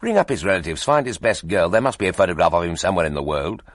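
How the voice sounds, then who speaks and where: A man voicing a brisk, commanding newspaper editor who barks orders in quick bursts. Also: medium pitch, very animated, a bit bright, voice pushed up.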